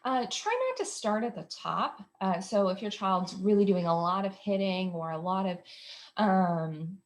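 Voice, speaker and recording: A behavior specialist hosts an instructional talk for parents, her mid-range voice unhurried and lively in intonation. She explains behavior strategies conversationally, dropping in frequent ums and uhs.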